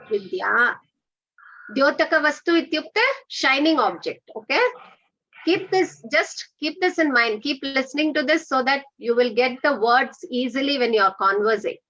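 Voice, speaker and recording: Bright-voiced woman teaching Sanskrit. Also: high-pitched, muffled recording. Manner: patient, corrective, repeats words slowly for drilling. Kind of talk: online pronunciation class.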